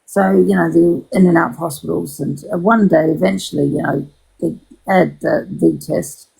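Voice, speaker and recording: Creaky, husky woman chatting casually. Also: fairly low pitch, steady tone, normal speed, warm tone, rough recording. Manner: rambling, swears freely, frequent restarts. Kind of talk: casual chat.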